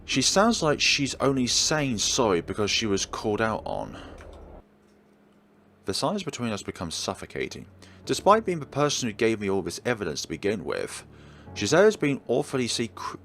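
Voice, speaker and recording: A man reading a horror visual novel aloud, narrating in an expressive, dramatic first-person voice. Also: fairly low pitch, moderate pace, a little hiss or hum. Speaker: let's play host and reader.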